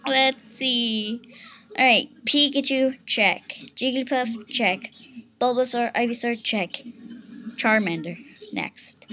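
A woman with a high, bright voice chats slowly and shyly to her viewers. She giggles often, fills gaps with ums and pokes fun at herself, and a slight cough comes through. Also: slight background noise. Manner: hesitant and giggly, full of ums and self-teasing. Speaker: channel host doing character voices. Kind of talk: casual chat to camera.

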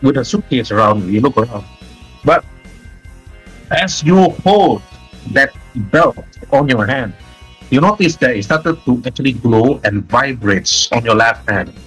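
A man running a tabletop game as game master, narrating loosely with lots of fillers. His voice is husky and of middle pitch. Faint music plays behind him. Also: animated, unhurried, fairly bright tone.

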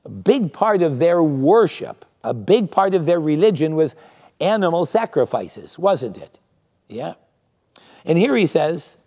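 A man's voice: a little high, very animated, measured pace, mellow, in a large hall. A male pastor preaching a conversational sermon, often asking rhetorical tag questions. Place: church sanctuary.

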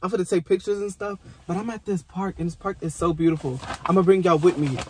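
Excitable young man vlogging outdoors. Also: high-pitched, quick pace. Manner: excitable, gushing, swears freely. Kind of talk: casual vlog chat. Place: outdoor park trail. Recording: outdoor noise of bugs and frogs. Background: insects and frogs.

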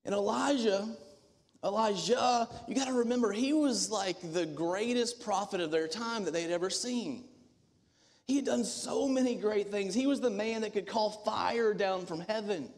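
A man preaching a sermon as the church's minister, earnest and emphatic, with dramatic pauses. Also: high voice. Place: church sanctuary. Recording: long hall reverb.

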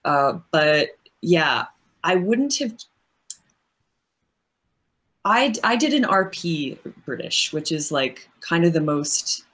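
A woman's voice: low voice, very animated, slow, fairly bright tone. A woman voice actress as an interview guest, explaining her craft at length in a thoughtful, casual way with frequent fillers.

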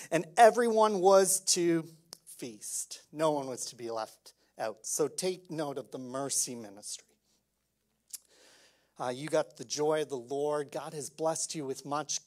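A man preaching a sermon as pastor, conversational and lively, swinging from loud emphasis to quiet intensity. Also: fairly high pitch.

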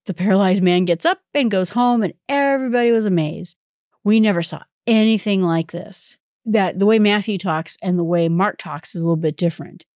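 Woman, lower register, casual Bible-study teacher, conversational explainer, dry close recording. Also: brisk, a little mellow, no room sound. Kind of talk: informal Bible study talk.

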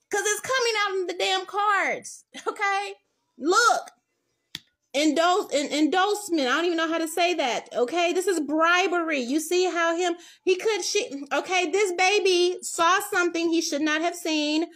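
A woman's voice: very high voice, moderate pace. A woman giving a casual tarot reading, blunt and profane, acting out little scenes as she talks. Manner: blunt, profane, animated storytelling with acted-out quotes. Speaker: tarot reader.

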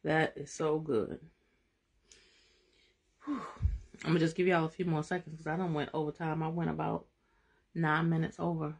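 Low husky-voiced woman leading a Bible study. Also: normal speed, pauses often. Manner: excitable, folksy and emphatic, turning to soft prayer. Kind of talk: live-streamed Bible study.

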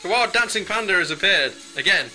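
A woman's voice: mid-range voice, animated, fairly quick, over loud music. A woman filming at home, laughing, teasing her friend and cooing at her dogs in baby talk. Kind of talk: casual home video chat.

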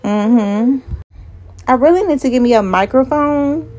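A woman's voice: sits high, a little slow, darkish tone. Woman, 20s, vlogger, blunt, brash, swearing, slightly out of breath, phone mic. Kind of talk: casual talk to phone camera. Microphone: phone mic with earbud.

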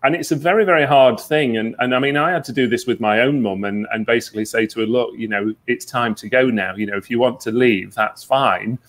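A man, a psychic medium guest, telling stories earnestly in a relaxed interview, with many fillers. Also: mid-range voice, brisk, hardly any pauses. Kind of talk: conversational interview.

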